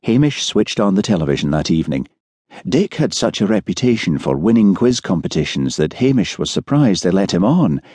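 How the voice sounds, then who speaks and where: A man narrating an audiobook in a measured storytelling manner, recorded on a studio microphone. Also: low-pitched, very animated, warm tone, slightly rough, no echo. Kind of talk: scripted narration.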